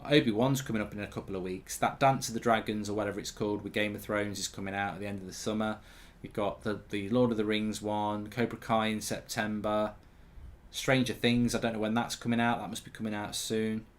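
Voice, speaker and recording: A man's voice: fairly low pitch, fairly even intonation, a little fast. A man hosting a live football watchalong, chatting and answering viewer questions. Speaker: host.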